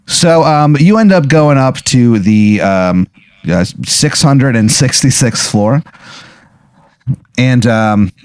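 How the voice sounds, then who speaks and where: A man's voice: mid-range voice, lively intonation, takes it slowly, clear, resonant tone, no room sound. A man running an improvised comedy role-play as game master, rambling along with lots of filler words.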